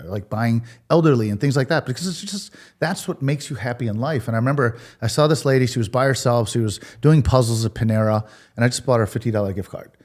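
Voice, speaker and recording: A man, a restaurateur guest on a podcast, telling emotional personal stories in an animated way and acting out the dialogue. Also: mid-range voice. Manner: animated, acts out quoted dialogue.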